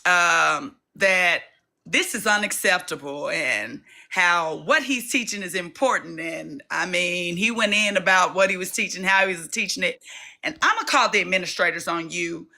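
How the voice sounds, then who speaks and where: A woman's voice: fairly low pitch, unhurried, pushed and bright, rough recording. A woman coach, telling a personal story in casual conversation with fillers. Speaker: coach and guest.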